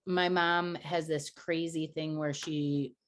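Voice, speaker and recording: A middle-aged woman with a slightly low voice co-hosts a podcast. She tells personal stories candidly and earnestly. Her delivery is confessional and open. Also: fairly even intonation, slow. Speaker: podcast co-host.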